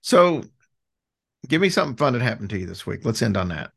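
Laid back podcast guy, gravelly voice, rambles on. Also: mid-range voice, big pitch swings, a little fast. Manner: easygoing, rambling. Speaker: podcast co-host. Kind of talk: casual chat.

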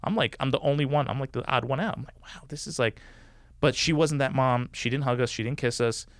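A man in a casual podcast chat, telling a long personal story. His voice is smooth and resonant, recorded close and dry with no room sound, and his talk is loose, full of "like" and "you know". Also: medium pitch, quick pace, no room sound. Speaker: guest.

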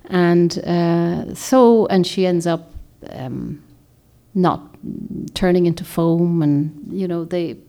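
A woman's voice: on the low side, takes it slowly, warm tone. A woman author giving a reflective, rambling talk to a group, often searching for words and restarting her sentences. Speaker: author and speaker.

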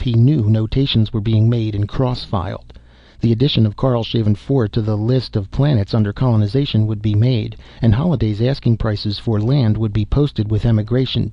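A man narrating an audiobook in a measured, even way, in a dull recording. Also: fairly low pitch, creaky, no echo. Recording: dull, dry close-mic audio.

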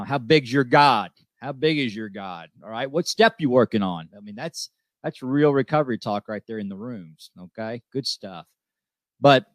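A man's voice: mid-range voice, no room sound. Male host, recovery talk, earnest and emphatic, repeats himself for effect; dry close-miked sound. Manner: emphatic, repeats lines, says "okay?" often.

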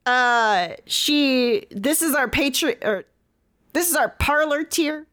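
Brief: woman as eccentric rural sheep farmer, high voice, rambling, fake pirate-like English accent, improv comedy. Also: lively intonation, slow, a bit bright, heavily acted. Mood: folksy. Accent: put-on pirate-like English accent. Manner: rambling, folksy, trailing off mid-sentence.

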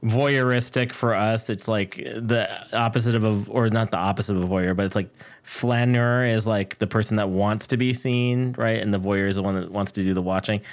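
A man's voice: fairly low pitch, fairly even intonation, normal speed. A man co-hosting a casual podcast, thoughtfully explaining ideas with many fillers. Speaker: podcast co-host. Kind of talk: casual chat.

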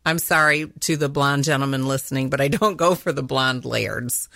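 Middle-aged woman host with a low voice, giggles a lot, playful casual chat, dry close sound. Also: moderate pace, vocal fry, a bit bright, no echo. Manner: giggly, playful, laughs often. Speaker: podcast host.

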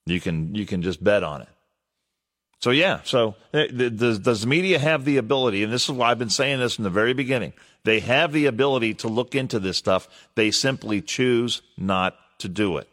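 A man's voice: medium pitch, animated, brisk, a bit bright, long reverb tail. A man hosting a morning call-in radio talk show, casual and folksy as he chats with callers.

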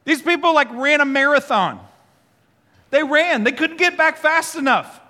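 A man preaching a sermon as pastor, animated, leading the congregation to repeat words back. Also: very high-pitched, unhurried. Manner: animated preaching, leads the congregation in call-and-response. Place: church sanctuary. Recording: reverberant church hall with faint music.

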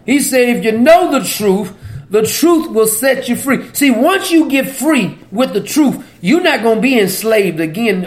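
High-pitched guy teaching bible, lively and folksy, keeps laughing. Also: measured pace. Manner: animated, laughs often, folksy asides.

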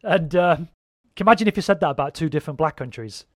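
Casual co-host, male, rambling and sweary, higher-pitched, dry close sound. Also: fast, no room sound. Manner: rambling, swears freely, animated. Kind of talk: casual chat.

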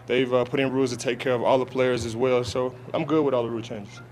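Halting man answering press questions. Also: mid-range voice, flat delivery, a little mellow, slight background noise. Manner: halting, many restarts and fillers. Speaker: football player. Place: outdoor training camp media scrum.

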